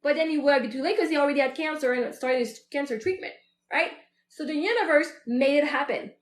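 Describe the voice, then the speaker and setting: A woman in her thirties with a high, bright-pitched voice talks through a candid personal reflection as a show host. Her delivery is chatty and loose, full of fillers and quoted inner thoughts. The recording carries a noticeable roomy echo. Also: fairly quick. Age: 30s.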